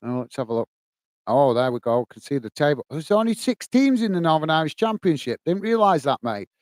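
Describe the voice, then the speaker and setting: A man chats casually on a livestream, a little higher-pitched than most men. His voice is smooth and clear, and the recording is dry and close with no room sound. He talks easily to his viewers and calls them mate. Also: sing-song, fairly quick, darkish tone, no room sound. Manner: chatty, addresses viewers as mate; reads out chat comments. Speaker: livestream host.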